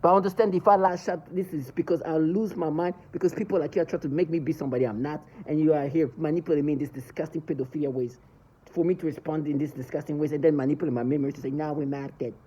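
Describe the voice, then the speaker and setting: A man's voice: on the high side, dark tone, highs cut off. A man ranting angrily in a monologue to camera, cursing and agitated. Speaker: vlogger.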